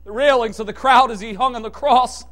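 Male preacher, very high voice, impassioned sermon, hushed lows and shouted peaks. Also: brisk.

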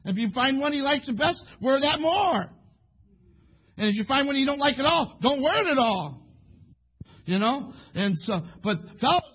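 A man's voice: extremely high pitch, big pitch swings, moderate pace, sharp tone. A man preaching a sermon in a folksy, rambling way, acting out little scenes between husbands and wives. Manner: folksy, rambling, acts out quoted couples.

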